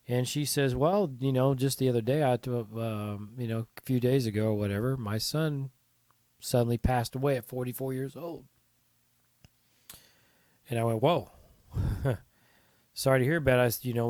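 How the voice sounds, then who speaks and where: A man's voice: medium pitch, darkish tone, dry recording. A man hosting his own podcast, talking casually and earnestly to listeners, rambling with asides and restarts. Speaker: podcast host. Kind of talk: casual solo podcast talk.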